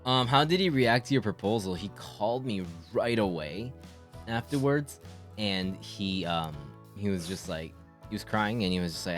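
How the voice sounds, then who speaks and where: A man's voice: fairly low pitch, normal speed, soft background music. A young man streaming live, chatting casually and telling stories about a friend, acting out voices in the quotes. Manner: animated storyteller, acts out quoted voices. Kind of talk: casual chat.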